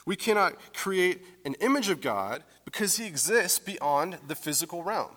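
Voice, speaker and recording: A pastor teaching a conversational sermon in a church, explaining scripture with casual fillers. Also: male voice, high voice, very animated, normal speed, fairly bright tone, in a large hall. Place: church sanctuary.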